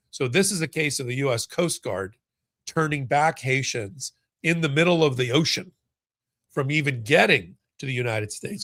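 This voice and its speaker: A male host chats casually through a live stream, reading out viewer comments. His voice has a gravelly texture at a middle pitch. The sound is close and dry. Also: fairly bright tone, no room sound. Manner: conversational, reads viewer comments aloud, many restarts.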